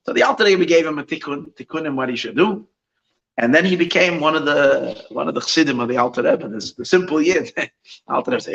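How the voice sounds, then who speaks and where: Brief: rabbi storyteller, man, bright and lively delivery, restarts often, sprinkles in Yiddish. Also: fairly high pitch, brisk, creaky, dull audio. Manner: animated, full of restarts, mixes in Yiddish phrases. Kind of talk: Chassidic storytelling at an evening gathering.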